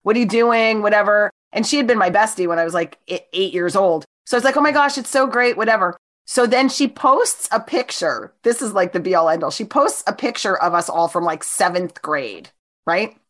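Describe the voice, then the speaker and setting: A woman from New Jersey telling a personal story as a guest in a casual chat, acting out other people's lines. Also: normal speed. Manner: animated, acts out quoted voices with big pitch jumps.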